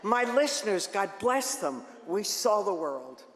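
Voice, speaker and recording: An older woman tells animated, joking stories to a crowd in a large hall. Her voice rings out with a long, roomy reverb. She speaks as a seasoned radio host recalling her career. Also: medium pitch, a little slow, a little hiss or hum. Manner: lively, joking, animated storytelling. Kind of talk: storytelling talk to an audience.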